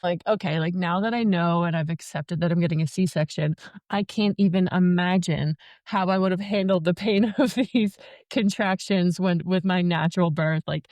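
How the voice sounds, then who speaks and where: A woman's voice: lowish voice, normal speed, a little mellow, dry recording, studio quality. A young woman, a podcast guest, telling a personal story in a casual, chatty way, joking often and filling her speech with "like". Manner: chatty, joking, many fillers like "like".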